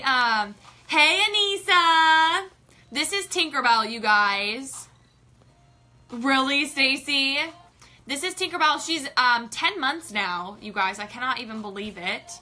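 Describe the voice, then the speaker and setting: Bubbly woman host, very bright high voice, chatty live-stream greeter, faint music behind. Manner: bubbly, greets viewers by name, gushes. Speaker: livestream host. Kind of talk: casual live-stream chat.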